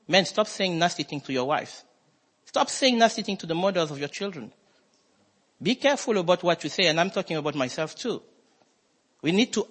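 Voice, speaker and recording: A man preaching a sermon as pastor, emphatic and swinging his voice between high and low. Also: a bit bright, slightly rough. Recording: long hall reverb.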